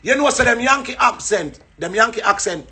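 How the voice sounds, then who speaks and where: A man with a Jamaican accent, joking loudly and telling a story in a casual chat. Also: very high-pitched, lively intonation, fairly quick. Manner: loud, joking, shifts into mock-English voice.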